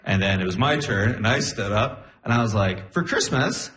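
A man's voice: lowish voice, normal speed, fairly bright tone, roomy sound. A young man doing a stand-up comedy set on a club stage, playful and incredulous.

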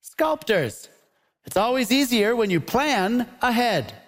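A man hosting a live comedy debate show, playful and quick, laughing often. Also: high-pitched, expressive. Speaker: game show host. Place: theatre with live audience. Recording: noisy live audience.

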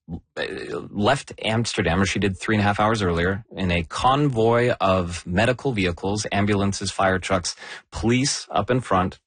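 A man hosting a science podcast, explaining news in a measured conversational way and leaning on key words. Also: lowish voice, no echo. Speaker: podcast host.

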